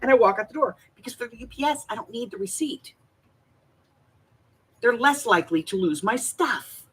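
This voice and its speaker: A middle-aged woman hosting a craft livestream from her home desk, chatting casually and telling animated stories with frequent laughter. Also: fairly high pitch, normal speed, breathy edge, rough recording. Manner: animated storyteller, laughs often. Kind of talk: casual chat while crafting.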